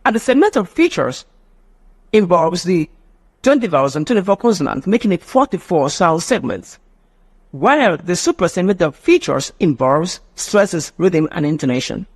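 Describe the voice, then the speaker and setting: Guy teaching phonetics live, high lively voice, throws out questions to the class. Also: moderate pace, husky. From Nigeria. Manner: animated, mimics children's voices, asks rhetorical questions.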